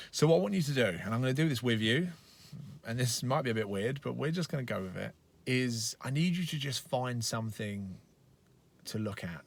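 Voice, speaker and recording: This life coach has a lowish voice and talks from inside his car. His motivational training session is casual, blunt and full of swearing.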